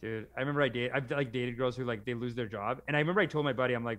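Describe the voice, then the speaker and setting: Fast-talking blunt profane man. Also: medium pitch, fairly bright tone. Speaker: podcast co-host. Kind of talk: casual political chat.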